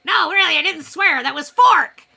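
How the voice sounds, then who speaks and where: A woman's voice: very high voice, animated, normal speed, gravelly, pushed and bright. A woman streamer chatting casually between poem readings, giggly and self-deprecating, rambling a little. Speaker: streamer hosting a poetry night. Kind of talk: casual live-stream chat.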